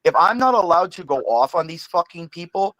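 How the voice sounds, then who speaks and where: A man's voice: high voice, lively intonation, fairly quick, a bit bright, no echo, rough recording. A man on an online panel call, ranting angrily with heavy profanity and stammered restarts. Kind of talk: heated livestream panel argument.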